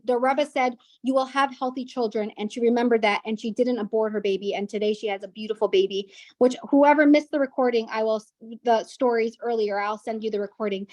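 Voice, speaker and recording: Woman guest speaker, earnest storytelling with restarts, fairly high voice, dry close sound. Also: darkish tone, no room sound. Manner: earnest, with frequent restarts and repetitions. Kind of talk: personal story at a women's gathering.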